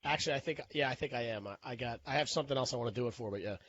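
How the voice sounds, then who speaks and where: A man co-hosting a casual podcast who jokes quickly and laughs between words. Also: mid-range voice, fairly bright tone, highs cut off, slight background noise. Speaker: podcast co-host. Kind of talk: casual chat.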